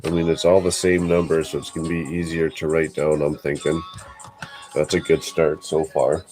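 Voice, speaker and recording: A man hosting a casual livestream, relaxed and chatty, reading viewer comments aloud and answering them. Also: a bass voice, moderate pace, faint music behind. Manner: laid-back, reads viewer chat aloud. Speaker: livestream host.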